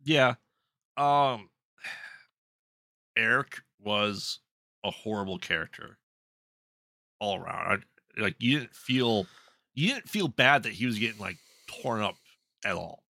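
A man's voice: on the low side, expressive, slow, vocal fry, pauses often, pushed and bright, no echo, clean studio sound. A man co-hosting a podcast, chatting casually about a film in a laid-back way, often giving short agreeing replies. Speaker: podcast co-host. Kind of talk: casual film review chat.

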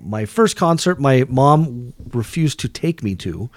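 A man's voice: mid-range voice, big pitch swings, unhurried, dry recording, clean studio sound. A middle-aged man from Denver, co-hosting a casual podcast, rambling through stories and acting out quotes. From Denver, USA. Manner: rambling storyteller, acts out quotes. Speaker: podcast co-host.

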